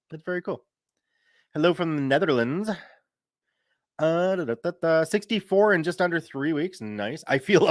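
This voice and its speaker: Guy in his 30s streaming, chatty, reads chat out loud, laughs a lot, dead dry mic. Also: medium pitch, no room sound. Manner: chatty, reads viewer comments aloud, laughs easily. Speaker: streamer and story reader. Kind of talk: casual live-stream chat.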